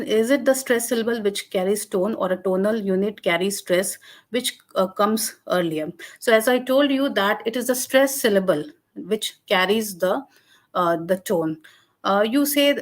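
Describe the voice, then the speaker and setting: Woman, Indian English accent, guest lecturer taking Q&A on a video call; patient and explanatory, with frequent fillers and self-corrections. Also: mid-range voice. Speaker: webinar guest speaker on linguistics. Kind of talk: answering audience questions in a webinar.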